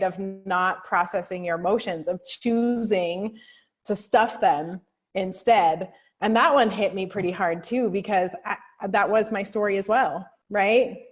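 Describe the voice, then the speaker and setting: A woman co-hosting a casual talk show, teasing her partner, laughing often, and turning reflective when she talks about her own experience. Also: medium pitch. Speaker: podcast co-host, nurse. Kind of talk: casual chat.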